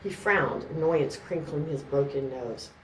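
A woman with a notably low voice reads a story aloud in a steady, measured way. The mic sits some way off in an echoing room, with a faint background murmur. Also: slight background noise. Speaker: narrator. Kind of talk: scripted narration. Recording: roomy, distant mic, faint ambience.

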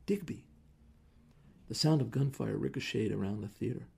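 A man narrating a story in a measured audiobook reading style. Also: on the low side, vocal fry, slightly rough.

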